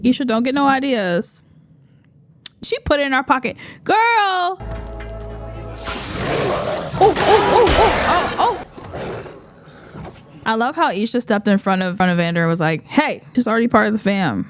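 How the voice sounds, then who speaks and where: Young woman reacting to a show, goes up and down a lot, kinda high, super excitable. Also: a little slow, pauses often, faint music behind. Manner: excitable, exclaiming. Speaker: reaction video host. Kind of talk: casual reaction commentary.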